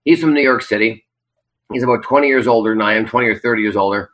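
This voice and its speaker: A man's voice: medium pitch, quick pace, a bit bright, rough recording. A man from Canada, a stage entertainer, reflecting earnestly in a rambling interview answer from his kitchen. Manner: rambling, earnest, many fillers. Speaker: Las Vegas Strip entertainer, guest. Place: home kitchen.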